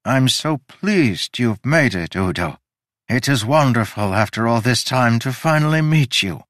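Man playing an excited, welcoming ageless librarian in a story, pitched up and loud. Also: slow, no room sound, clean studio sound. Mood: warm. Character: jovial, eager, ageless man keeping a library.

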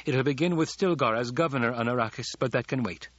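A man's voice: mid-range voice, fast talker, no echo, dull audio, lightly acted. A man voicing a commanding, calculating young male ruler with clipped delivery.

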